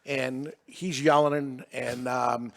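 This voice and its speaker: A man's voice: mid-range voice, slow, creaky. A man in his sixties from Massachusetts, a business owner telling a story on a podcast and acting out the dialogue. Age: 60s. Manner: animated, acts out dialogue. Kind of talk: casual storytelling.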